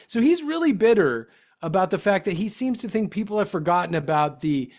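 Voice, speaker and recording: A man's voice: high-pitched, expressive, a little fast. Joking man co-hosting a wrestling show. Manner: joking, sarcastic, mocking voices. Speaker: co-host of a wrestling radio show. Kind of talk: casual comedic banter.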